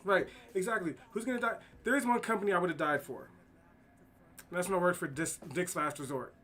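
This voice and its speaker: Man, laid-back slang-heavy storyteller, curses a lot, slightly high-pitched voice. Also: fairly quick, bright, forceful tone. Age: adult with kids. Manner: profane, slangy, rambling anecdotes. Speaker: streamer. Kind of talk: casual storytelling while drawing.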